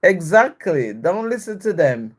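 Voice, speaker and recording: A woman's voice: on the low side, very animated, measured pace, breathy edge. A woman hosting a live video, telling a personal story and greeting viewers with blessings. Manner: warm blessings to viewers, repetitive and reflective. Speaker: live-stream host.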